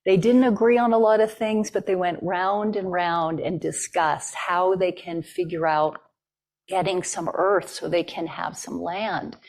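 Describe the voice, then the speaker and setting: A woman's voice: on the low side, steady tone, a little slow, darkish tone. A woman giving a talk and telling a traditional story in a conversational way, with fillers. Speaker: guest speaker.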